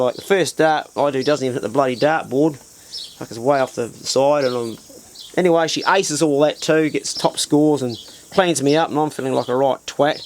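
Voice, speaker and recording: A man's voice: medium pitch, gravelly, darkish tone, slight background noise. Crude, self-mocking male yarn spinner. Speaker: storyteller. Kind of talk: casual bawdy yarn-telling.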